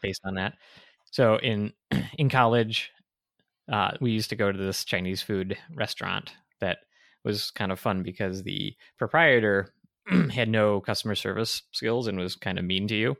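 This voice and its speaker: A man's voice: fairly low pitch, unhurried, vocal fry, a bit bright, dry recording. A man hosting a podcast in casual chat, telling stories in a dry, easygoing way. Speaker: podcast host.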